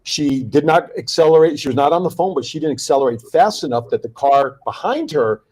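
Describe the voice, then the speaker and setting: A man hosts a casual round-table talk show with a slightly raised pitch. He tells stories with animation and acts out his own shouting. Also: fairly quick, slightly rough, rough recording. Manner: animated storyteller, acts out yelling.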